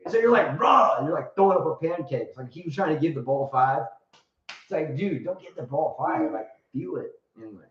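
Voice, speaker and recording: A man's voice: a little high, lively intonation, a little fast, slight background noise. A man hosting a casual live show, rambling, joking and blunt, with crude humor. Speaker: show host and tennis coach. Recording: roomy, distant, dull sound.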